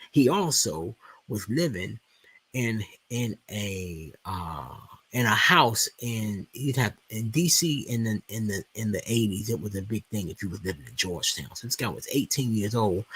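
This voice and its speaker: A man's voice: fairly low pitch, sharp tone, husky, no room sound. A man in his forties with a Washington DC accent, telling a heated, profane story in a casual rant full of restarts. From Washington DC, USA. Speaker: stock market video host. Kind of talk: casual ranting monologue.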